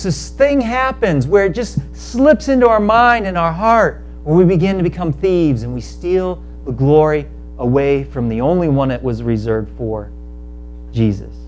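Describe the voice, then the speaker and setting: A man preaching a sermon, telling a parable in animated storytelling style and acting out the characters in quick asides. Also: sits high. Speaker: pastor.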